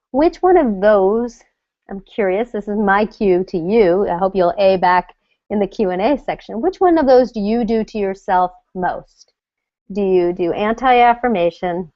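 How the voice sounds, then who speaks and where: Animated woman coach, dull dry sound. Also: medium pitch, no echo. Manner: animated, acts out scared inner voices. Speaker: confidence coach hosting a live web session. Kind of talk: coaching talk to an online audience.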